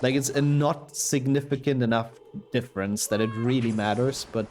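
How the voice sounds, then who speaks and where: A man's voice: medium pitch, normal speed, a little mellow, a little hiss or hum. A young man with a sick voice, casually commentating his speedrun and answering chat. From Germany. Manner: chatty, reads and answers chat while playing. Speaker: speedrunner streamer.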